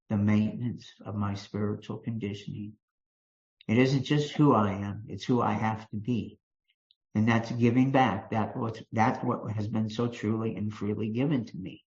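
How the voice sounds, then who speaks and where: An older man with a Kentucky accent, speaking to a recovery meeting in a folksy storytelling way, full of restarts and fillers. His voice sits in a middle pitch. The recording is dull and lo-fi, taken in a meeting room. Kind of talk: personal recovery talk to a meeting.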